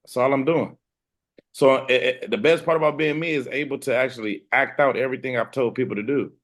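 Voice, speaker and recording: A man's voice: medium pitch, steady tone, brisk, a bit bright. A man, a hip hop artist, talking as a guest in a casual interview, blunt, boastful and streetwise. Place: room with ceiling fan and air conditioner.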